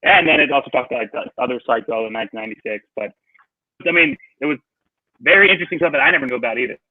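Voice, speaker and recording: A man co-hosting a podcast, telling stories in an animated way with stumbling restarts. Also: mid-range voice, racing, no room sound. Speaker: podcast co-host. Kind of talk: casual chat. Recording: dry tinny phone-like line.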